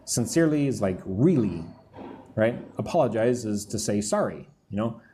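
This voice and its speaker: Man, English teacher, mellow voice, slow patient explaining, faint background hum. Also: lowish voice, animated. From lives in Vietnam. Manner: explains slowly, checks in with "right?". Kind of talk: live English lesson. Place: room by outdoor construction noise.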